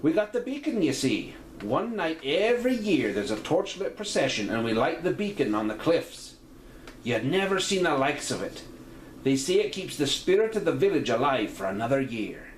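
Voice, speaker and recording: A man's voice: on the high side, big pitch swings, normal speed, reverberant, slight background noise. A man voicing a chatty, homely middle-aged village landlady with a put-on Irish-Scottish lilt.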